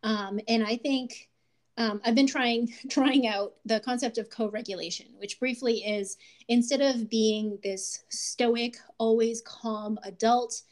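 A woman in her thirties hosting a casual podcast, with a fairly high voice. She talks in an animated way, laughs often and slips into little voices when she quotes someone. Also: takes it slowly. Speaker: podcast host.

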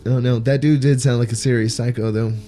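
A man's voice: medium pitch, steady tone, brisk, dark tone, soft background music. A man hosting a casual podcast chat as a comedian, talking in a laid-back, rambling way full of "like" and "you know".

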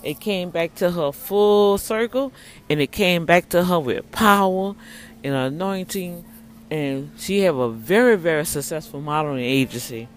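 Woman, casual faith vlogger, animated and preachy, chats straight to camera mid-snack. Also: fairly low pitch, a little slow, slight background noise. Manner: snacking while talking. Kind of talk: casual testimony vlog.

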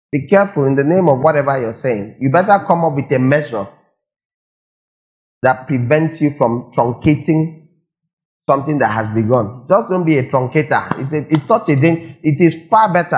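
Preacher pressing rhetorical questions. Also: male voice, medium pitch, darkish tone, muffled recording. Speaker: pastor. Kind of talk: sermon.

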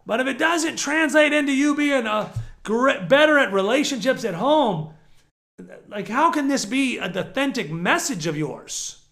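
Animated, raspy-voiced high male preacher. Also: moderate pace. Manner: animated, swings from shouts to low murmurs. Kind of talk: sermon.

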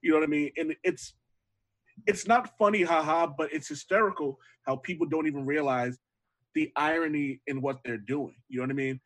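A man's voice: a little high, fairly quick. A man telling rambling stories with casual slang in a podcast chat.

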